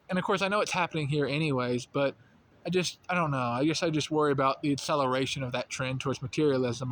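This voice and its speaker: A man's voice: on the high side, a bit bright. Man, young adult, light Southern accent from North Carolina, rambling casual talk, faint background hiss. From rural North Carolina. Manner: rambling, many fillers and restarts. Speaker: channel host. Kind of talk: casual monologue.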